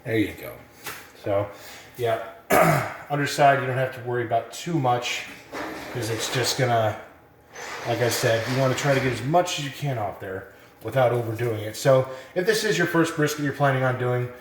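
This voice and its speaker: A man gives a relaxed, rambling how-to lesson in a kitchen, full of fillers and asides. He sounds a little out of breath. The room is echoey around his mid-pitched voice. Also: normal speed, noisy background. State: a bit out of breath. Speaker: cooking instructor. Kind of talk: casual how-to demonstration.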